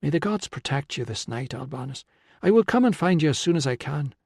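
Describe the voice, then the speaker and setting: A man's voice: on the high side, expressive, a little fast, a little mellow, husky, no room sound, clean studio sound, pitched above the performer's own voice. A man voicing a determined young wife in ancient Rome who speaks in an urgent, commanding way. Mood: earnest. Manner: insistent and commanding.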